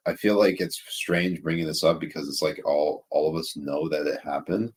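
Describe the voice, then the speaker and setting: A man's voice: extremely low pitch, steady tone, moderate pace, slightly rough. A man co-hosting a casual political commentary show, ranting and swearing freely. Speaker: co-host.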